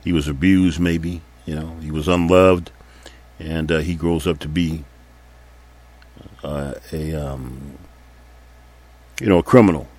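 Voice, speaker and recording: Man, very deep voice, sermon-style Bible teaching, earnest, repeats points for emphasis. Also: steady tone, slow pace, pauses often, darkish tone. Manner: reads scripture aloud between comments.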